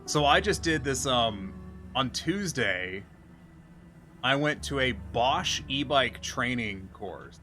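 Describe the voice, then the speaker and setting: A man's voice: medium pitch, expressive, takes it slowly, bright, forceful tone, soft background music. A man streaming and telling a story in a casual chat style, ranting with lots of profanity.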